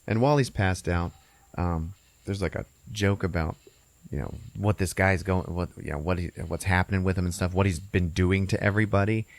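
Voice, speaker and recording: Low-voiced man swearing through a movie recap. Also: dry recording. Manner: profane, animated storytelling, laughing often. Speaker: podcast host.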